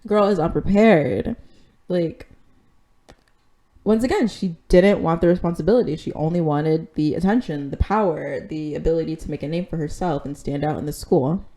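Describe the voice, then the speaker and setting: A woman's voice: low-pitched, moderate pace, warm tone. A woman hosting a podcast in casual chat, candid and chatty, with plenty of "like" and "um" and the odd casual swear. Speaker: podcast host recapping an episode.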